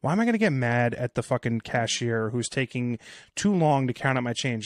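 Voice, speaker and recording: A man in his thirties hosts a podcast in a candid, talkative way, dropping swear words without a second thought. His voice is mid-pitched, and the sound is dry and close with no room around it. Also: expressive, no room sound. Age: 30s. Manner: candid, fast-talking, swears freely. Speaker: podcast host. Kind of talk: casual podcast chat.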